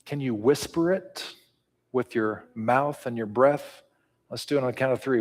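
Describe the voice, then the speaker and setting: A man's voice: mid-range voice, normal speed. A man preaching a sermon and leading a prayer, earnest and building to call-and-response. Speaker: pastor. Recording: reverberant hall.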